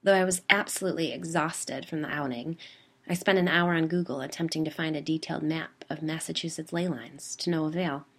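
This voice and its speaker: Give me a woman host calmly narrating a scripted ghost story in a low-ish voice. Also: brisk.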